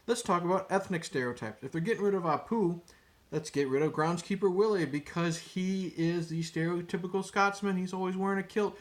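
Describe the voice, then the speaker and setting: A man ranting casually to camera as a vlogger, rambling, cursing and repeating his words. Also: high voice. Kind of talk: casual opinion rant to camera.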